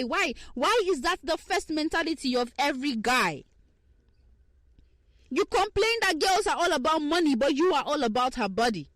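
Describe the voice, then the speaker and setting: Animated young woman ranting. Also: high-pitched, no room sound. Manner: animated, rising and falling between hushed asides and heated rants. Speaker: podcast host. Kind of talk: casual monologue on relationships.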